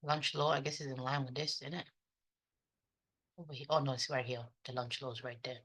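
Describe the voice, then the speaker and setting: A woman's voice: a bass voice, steady tone, brisk, fairly bright tone. A woman with an accent mixing African, British and American, chatting to herself with casual swearing as she reviews her day trading. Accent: mixed African, British and American. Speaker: day trader. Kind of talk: casual self-talk during a trading session.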